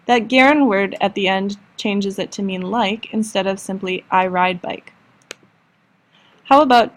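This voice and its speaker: Patient woman teacher explaining slowly. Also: mid-range voice. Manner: patient, slows down for example sentences. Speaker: language teacher. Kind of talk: recorded classroom lesson.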